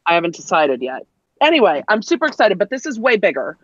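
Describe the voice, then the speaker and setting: A woman's voice: medium pitch, very animated, fast, lo-fi sound, a little hiss or hum. A woman co-hosting a tech live stream, chatting casually and enthusiastically, teasing the others. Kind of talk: casual chat.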